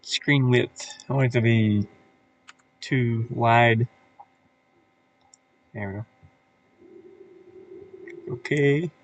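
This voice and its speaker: A man talking slowly and unhurriedly in a casual live stream, half to himself as he works. He mutters and thinks aloud, trailing off with fillers. His voice sits at an ordinary middle pitch. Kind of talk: casual live-stream commentary while working. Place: his van.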